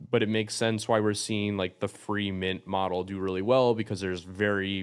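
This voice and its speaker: A man on a virtual panel, reflective and relaxed, with frequent fillers. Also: deep voice, clean tone.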